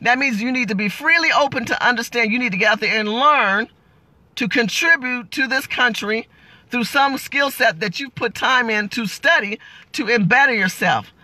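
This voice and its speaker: A woman's voice: fairly high pitch, normal speed, bright, forceful tone, dry recording. A middle-aged woman delivering an impassioned political vlog rant, blunt and fiery, firing off rhetorical questions and curses. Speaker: political commentator.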